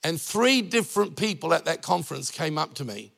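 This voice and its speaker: A man's voice: fairly high pitch, expressive, a little fast, gravelly, a bit bright, in a large hall. A middle-aged man preaching a sermon as pastor, talking in a conversational way with jokes and anecdotes.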